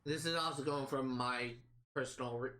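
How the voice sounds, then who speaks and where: This male streamer talks at a middle pitch, rambling and hesitant, restarting his sentences and leaning on fillers while he plays. A clear hiss of noise runs underneath his voice. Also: steady tone, moderate pace, sharp tone, poor audio. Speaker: streamer playing a video game. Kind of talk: casual commentary while gaming.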